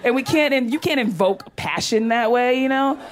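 A woman's voice: a little high, moderate pace. Brash, foul-mouthed woman stand-up comic. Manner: brash, profane, conversational punchlines. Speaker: stand-up comedian. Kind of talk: stand-up comedy set.

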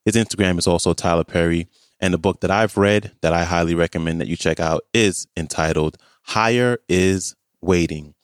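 Man, podcast host, relaxed outro, very deep voice, dry sound. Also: normal speed, clean tone, no echo. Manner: relaxed, reads out links and thanks. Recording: dry mic with faint music bed.

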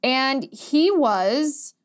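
A young adult woman hosting her own show in a sarcastic, quick, animated monologue. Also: sits high. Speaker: podcast host. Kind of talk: casual monologue.

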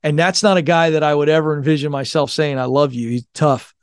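Earnest, smooth-voiced man telling stories. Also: fairly high pitch, fairly even intonation, a little fast, no echo, studio quality. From Virginia, Tidewater area. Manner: folksy, earnest storyteller. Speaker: guest author. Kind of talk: storytelling in a podcast interview.

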